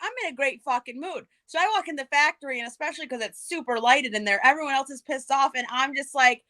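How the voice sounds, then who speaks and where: High, bright-voiced woman swearing casually. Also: fast talker, no room sound, poor audio. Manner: animated, profane. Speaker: co-host. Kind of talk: casual chat.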